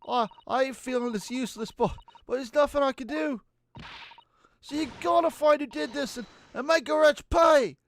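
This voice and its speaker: A man's voice: very high voice, moderate pace, a bit bright, slight background noise, voice pushed up. A man voicing a tough young street girl from a game, with a put-on English accent and a scrappy, brash manner. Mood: pleading.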